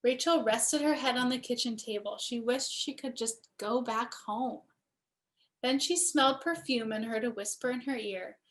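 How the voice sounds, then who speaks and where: A woman, a cantor, gently and expressively reading a children's bedtime story aloud. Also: fairly high pitch, moderate pace.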